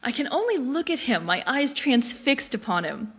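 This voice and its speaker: A woman reading her own personal essay aloud in a reflective, measured way. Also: sits high, sing-song, fairly bright tone, slightly rough. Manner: reflective, measured, with brief slips and restarts. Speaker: narrator.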